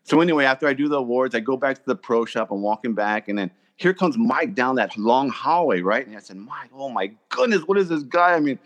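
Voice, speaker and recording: A man's voice: mid-range voice, brisk, few pauses. A man who served in the army and works as a golf pro, telling a story in a casual chat and acting out what people said. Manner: animated storyteller, acts out quotes loudly.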